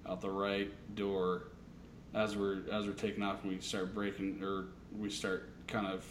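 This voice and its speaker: A fairly low-voiced man, easygoing and quick to laugh, trades flying stories in a casual chat. A faint hiss of noise sits under his voice. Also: monotone. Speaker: military aviation veteran. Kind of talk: casual conversation.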